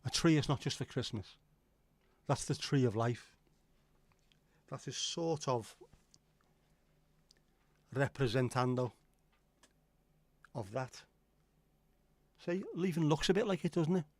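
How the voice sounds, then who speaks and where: A man's voice: medium pitch, expressive, takes it slowly, long pauses, a little mellow, dry recording. A man hosting a livestream, rambling and joking as he chats with viewers and swears casually. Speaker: livestream host. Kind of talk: casual chat reading viewer comments.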